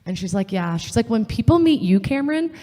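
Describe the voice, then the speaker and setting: A woman's voice: on the high side, very animated, a little fast, warm tone. A woman giving an earnest, conversational faith talk to a live audience at a women's session, telling stories and acting out the quotes in them. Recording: long hall reverb.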